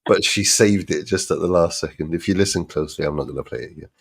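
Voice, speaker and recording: A man's voice: sits low, fast talker, breathy edge, no echo. A man hosting a live stream, giving sarcastic, mocking commentary to his audience over played clips. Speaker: livestream host.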